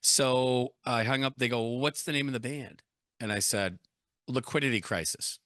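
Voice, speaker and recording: Male guest in his forties, animated storyteller, low and bright, dry close sound. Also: normal speed, no room sound. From United States. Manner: animated storyteller, acts out both sides of phone calls. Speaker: guest, credit union CEO and former rock singer. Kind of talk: casual interview storytelling.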